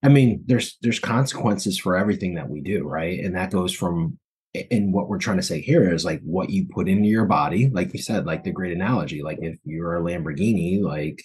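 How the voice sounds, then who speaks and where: A man hosts an interview podcast in a loose, rambling way, often restarting his sentences and reaching for "like." His voice sits very low, with a husky, breathy edge. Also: brisk, a little mellow. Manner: casual, rambling, full of "like" and restarts. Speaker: podcast host.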